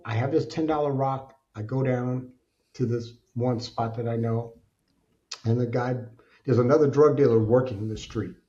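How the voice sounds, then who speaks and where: A man speaking as a podcast guest, telling his life story in an animated, emphatic way. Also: medium pitch, muffled recording. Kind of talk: candid storytelling interview.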